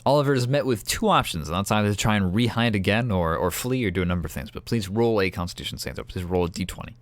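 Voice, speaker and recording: A man's voice: fairly low pitch, quick pace, dry recording. A man narrating a tabletop game as game master, in casual, filler-heavy speech. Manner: casual, filler-heavy narration with sudden loud acted shouts.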